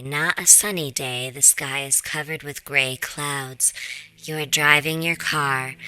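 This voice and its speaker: A woman reading a text horror game aloud in the second person, with a few quiet asides of her own. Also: low voice, low-quality recording. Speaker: gameplay narrator.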